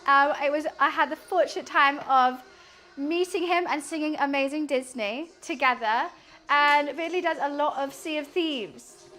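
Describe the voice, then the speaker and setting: A woman's voice: high voice, bright, forceful tone. A young British woman chatting casually with her live-stream audience while cooking, laughing often and swearing freely. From United Kingdom.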